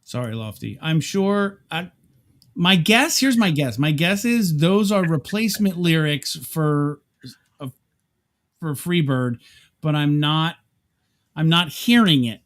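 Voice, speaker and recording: A man's voice: a little high, lively intonation, slow. A man co-hosting a casual livestream chat, reading viewer comments aloud and laughing often. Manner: laughs often, self-deprecating. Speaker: livestream co-host.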